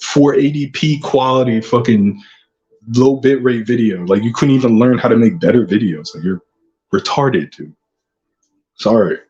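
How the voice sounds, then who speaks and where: A man's voice: mid-range voice, normal speed, darkish tone, dull audio. Profane, taunting man ranting on a vlog. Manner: aggressive, profane, taunting insults. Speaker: channel host.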